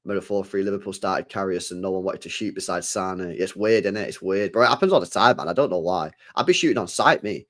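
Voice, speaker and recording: On a casual livestream, a young football channel host reads super chats in a low-pitched, fairly bright voice, talking quickly with hardly any pauses. He repeats phrases and finishes his lines with "mate" and "bro."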